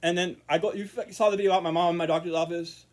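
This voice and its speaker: A man vlogging in a casual monologue to camera, rambling with repeated words and restarts, murmuring quiet asides. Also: high voice, steady tone, rapid-fire.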